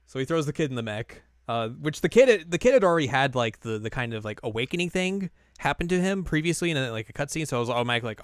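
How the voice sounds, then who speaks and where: Smooth-voiced man rambling through a recap. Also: medium pitch, animated, fast, hardly any pauses, dry recording, studio quality. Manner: rambling, filler-heavy recap. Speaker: podcast co-host. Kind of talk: casual chat.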